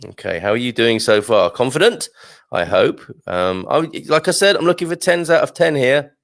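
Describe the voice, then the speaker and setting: A man's voice: mid-range voice, big pitch swings, moderate pace, vocal fry, fairly bright tone, no room sound, studio quality. Jovial chatty male quiz host. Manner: chatty and jovial, with frequent fillers and chuckles. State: sluggish and a little jaded. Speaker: host of a news and quiz show. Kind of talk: casual live-stream hosting. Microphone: desktop mic at a computer.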